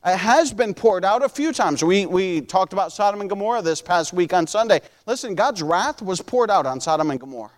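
A man with a notably high-pitched voice delivers a sermon as a pastor. He speaks earnestly and conversationally, with frequent restarts, then slows and lifts his voice for each scripture quotation. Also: expressive.

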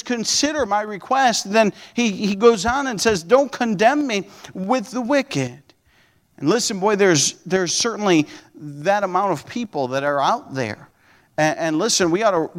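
High-voiced preaching man in a reverberant hall. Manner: earnest preaching with repeated restarts, slows to read scripture. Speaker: pastor. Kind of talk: sermon.

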